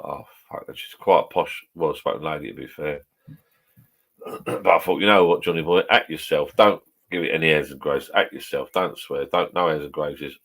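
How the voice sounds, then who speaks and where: Very deep-voiced swearing man. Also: fairly bright tone. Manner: swears freely, rambling and chatty. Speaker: vlogger chatting with live viewers. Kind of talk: casual live-stream chat. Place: home garden bar shed.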